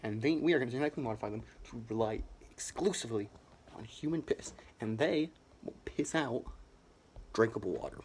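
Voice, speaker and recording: A man's voice: medium pitch, a little fast, a little hiss or hum. Rambling young man in a mock speech. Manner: rambling, absurd deadpan bluster. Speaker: comedian.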